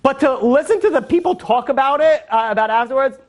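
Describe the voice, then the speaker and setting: A rabbi leads a relaxed Torah class in a lively, joking manner. The man jumps into different voices to act out the people in his story, then drops back into his easy teaching tone. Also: very high-pitched, fairly quick. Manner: animated and joking, acting out quotes in character.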